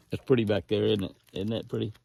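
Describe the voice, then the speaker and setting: A man's voice: lowish voice, creaky, mellow, slightly rough, dry recording. A man narrating casually outdoors while feeding deer, folksy and coaxing them closer in a sing-song call. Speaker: ranch owner and show host.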